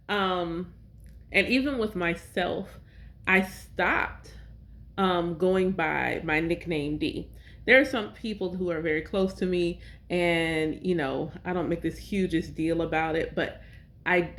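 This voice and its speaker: A woman hosting a podcast, talking casually about names and numerology, pausing often to correct herself. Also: on the low side. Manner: conversational, with self-corrections and fillers. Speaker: podcast host and priestess. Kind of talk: casual spiritual talk.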